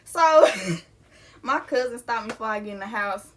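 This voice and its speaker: Slangy young woman with a higher voice. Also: moderate pace, a bit bright, slight background noise. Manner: candid, slangy, swears, laughs often. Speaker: vlogger. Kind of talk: casual storytime.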